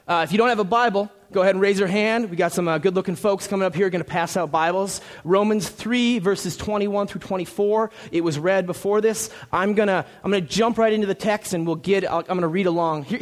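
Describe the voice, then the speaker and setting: A young male pastor from Minnesota preaching a sermon from a church stage, in a joking, conversational way. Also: high-pitched. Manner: jokey, conversational, lively.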